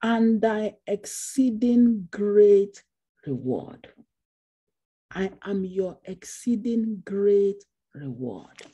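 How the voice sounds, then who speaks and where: A woman's voice: medium pitch, warm tone, slightly rough. A woman pastor preaching a Bible study sermon, repeating phrases for emphasis. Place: church.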